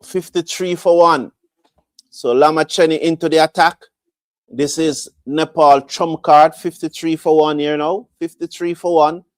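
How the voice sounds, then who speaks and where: Man, cricket commentator, higher voice, dry close sound, repeats himself. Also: normal speed, no room sound. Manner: repetitive, animated play-by-play. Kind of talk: live fan commentary.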